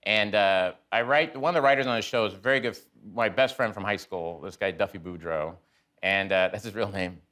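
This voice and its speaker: A man in his forties, a talk show guest, telling animated stories and doing quick impressions of friends. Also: lowish voice. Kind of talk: casual chat.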